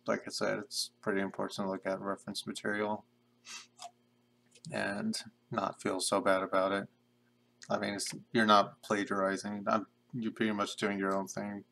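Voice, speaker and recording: A young man casually talking to himself in a flat monotone while drawing pixel art on a live stream. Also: fairly low pitch, creaky. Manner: mumbling to himself, self-described monotone. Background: keyboard typing and clicking.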